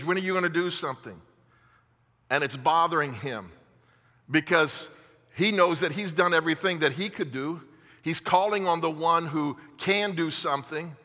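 A man preaching a sermon as a pastor, earnest and impassioned, sometimes dropping to a soft, hushed tone. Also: a little high, normal speed, big-room sound.

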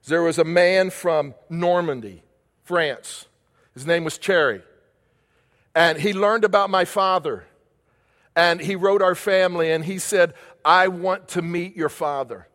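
A man's voice: on the high side, a bit bright. An older man preaching a sermon as a pastor, emphatic, repeating key phrases and asking rhetorical questions. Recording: long reverb of a large hall.

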